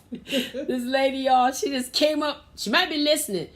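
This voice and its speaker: A woman co-hosting a casual podcast, retelling a story excitedly and laughing often. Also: high-pitched, a little slow. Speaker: co-host.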